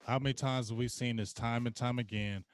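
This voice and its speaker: A man's voice: medium pitch, fairly even intonation, a little fast, dry recording. Blunt, opinionated sports-talk man.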